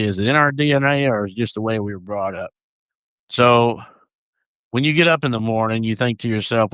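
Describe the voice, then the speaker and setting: A man's voice: fairly low pitch, fairly bright tone, dry recording. A man co-hosting a podcast, chatting casually and reading notes aloud, stumbling over names. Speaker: podcast co-host.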